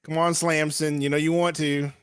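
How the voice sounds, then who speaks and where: A young man co-hosting a podcast, chatting casually and joking excitably while reacting to a live basketball game. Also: fairly high pitch, moderate pace, a crowd in the background. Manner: joking, excitable, trash-talking. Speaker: podcast co-host.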